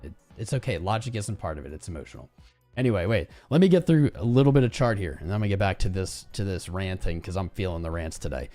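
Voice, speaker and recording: A man's voice: low-pitched, quick pace, soft background music. A young man hosting a crypto trading livestream, ranting casually and talking straight to his viewers with slang like "man" and "bro". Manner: animated, slangy, talks to viewers as "guys" and "man".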